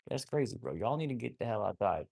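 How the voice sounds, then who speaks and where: A man talks to his rescued wolfdogs, swearing and telling them how wild they are. His voice sits at an ordinary middle pitch. He speaks in a loose, chatty vlog style. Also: big pitch swings, quick pace, creaky, darkish tone, husky. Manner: scolding animals, swearing, repeats "that's crazy, bro". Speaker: wolfdog rescuer and live streamer. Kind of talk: casual vlog talk to dogs and viewers.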